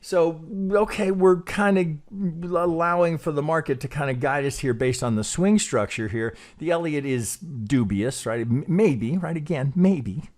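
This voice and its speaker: A man's voice: a little high, measured pace, hardly any pauses, darkish tone. A man teaching trading who thinks aloud while charting, hesitant and self-questioning, often repeating words and tagging lines with "right?". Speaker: trading educator.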